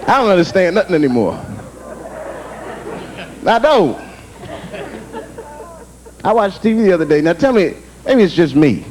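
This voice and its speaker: A young man doing a stand-up set on a club stage, telling stories in an animated way and slipping into character voices. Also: sits high, moderate pace, pauses often, noisy background. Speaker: stand-up comedian. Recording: live comedy taping with audience. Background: crowd laughter.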